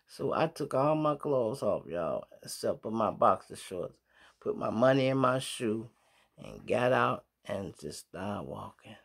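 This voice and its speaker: A man's voice: mid-range voice, gravelly, husky. A middle-aged man from Chicago with a Chicago accent, telling street stories to his viewers in slang-heavy casual talk. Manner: animated storyteller acting out sounds and voices.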